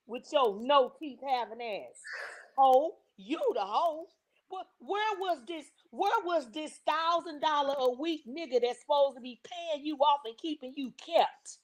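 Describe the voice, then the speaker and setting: A woman with a high voice angrily calls someone out on a livestream. She accuses and swears with mounting indignation. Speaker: livestream panelist. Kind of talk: heated livestream call-out.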